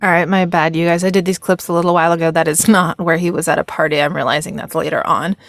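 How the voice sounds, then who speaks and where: A woman's voice: on the low side, steady tone, quick pace, no echo, clean studio sound. A tired woman hosting a casual film reaction video, rambling, laughing and correcting herself as she goes.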